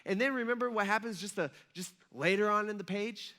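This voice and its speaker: A man in his thirties, a pastor giving a casual sermon and telling stories with lively acted-out quotes. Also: sits high, fairly quick. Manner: animated storytelling, acts out quoted voices.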